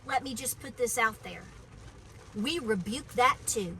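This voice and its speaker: High, bright-voiced homesteading woman ranting. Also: animated, unhurried, a little hiss or hum, rough recording. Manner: impassioned, preachy, emphatic. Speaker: homesteading vlogger. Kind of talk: outdoor political vlog rant. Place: outdoors on a farm.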